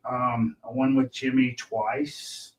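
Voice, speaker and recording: A man's voice: mid-range voice, flat delivery, takes it slowly. Man, pit crew guest, rambling storyteller, sounds off-mic. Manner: rambling, with many restarts and fillers. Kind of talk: casual storytelling on a racing talk show. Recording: from a distance.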